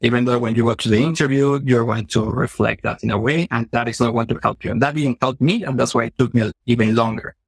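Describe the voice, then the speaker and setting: A man with a Mexican accent talks at a brisk clip as an interview guest, bringing his stories to life by acting out the lines of the people in them. His voice sits in a middle register, and the recording is dry and close, with no room sound. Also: medium pitch, gravelly, slightly rough, no echo. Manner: animated, acts out quoted dialogue. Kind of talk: conversational storytelling.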